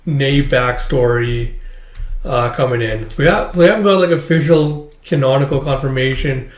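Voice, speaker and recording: A man casually reading through a comic chapter and rambling with plenty of fillers. His voice sits at a middle pitch, and the room around him is echoey. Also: normal speed. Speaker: host. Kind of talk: casual chapter read-along.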